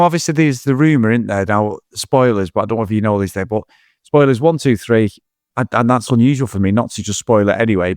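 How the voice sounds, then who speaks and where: A man co-hosting a film podcast, rambling and animated in casual chat, swearing freely. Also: medium pitch, no room sound, studio quality. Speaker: podcast co-host.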